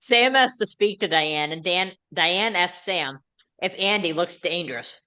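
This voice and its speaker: Bright-voiced woman recapping an episode. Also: fairly low pitch, expressive. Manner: recaps plot in quick run-on sentences. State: hard of hearing. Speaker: podcast host. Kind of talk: episode recap and casual chat.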